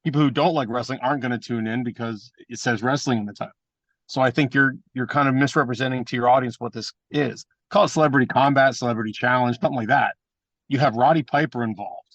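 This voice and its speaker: A man's voice: mid-range voice, fast, no echo, muffled recording. A man, a pro wrestler, telling blunt and profane stories in an interview and mimicking the people in them. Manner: animated anecdotes with mimicked voices. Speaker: guest, pro wrestler and trainer. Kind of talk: casual storytelling interview.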